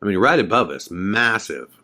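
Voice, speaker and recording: Podcast host, male, very low voice, casual rambling storyteller. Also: animated, normal speed, sharp tone. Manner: rambling, many fillers.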